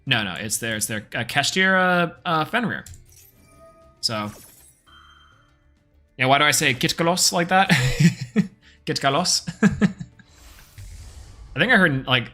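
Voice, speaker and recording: A man's voice: mid-range voice, animated, measured pace, long pauses, sharp tone, faint music behind. A man streaming a card game live, giving casual, chatty play-by-play and thinking aloud as he plays. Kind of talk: live gameplay commentary.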